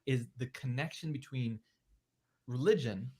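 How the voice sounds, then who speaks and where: A man's voice: medium pitch, a little slow, dark tone, slight background noise. A man presenting a religious commentary video, emphatic and keen to call everything fascinating. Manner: emphatic, keeps calling things fascinating.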